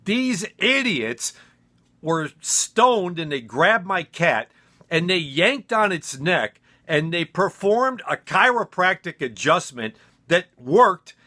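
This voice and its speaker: A man's voice: high-pitched, big pitch swings, takes it slowly, bright, forceful tone. A man telling a personal story in a casual, rambling, self-deprecating way with many fillers.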